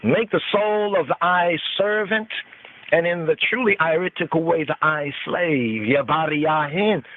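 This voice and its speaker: A man slowly teaching a psalm on a call-in podcast, reading each verse aloud and then repeating and explaining it word by word. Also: fairly high pitch, slight background noise. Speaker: podcast host teaching scripture. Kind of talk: slow devotional scripture teaching. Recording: tinny phone-line call-in audio.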